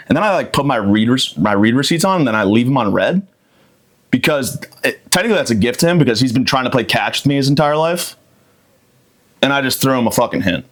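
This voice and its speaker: Casting: a man with an average-pitched voice, crude and cocky deadpan comic monologue. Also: fast talker. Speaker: podcast host. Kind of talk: comedic monologue.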